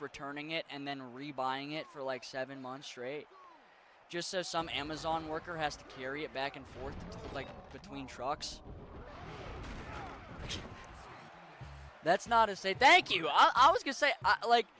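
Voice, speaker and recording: A man's voice: fairly high pitch, background noise. A young man from Western Maryland with a mixed Appalachian accent, chatting casually with his viewers while gaming, rambling and swearing freely. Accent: Western Maryland, Appalachian mix. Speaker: game streamer.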